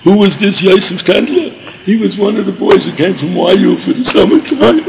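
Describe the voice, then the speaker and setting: Older man, gravelly, rambling storyteller who repeats himself, light background hiss. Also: sits high, lively intonation, normal speed. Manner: meandering, repeats himself, mixes in Yiddish and Hebrew words. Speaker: storyteller recalling yeshiva days.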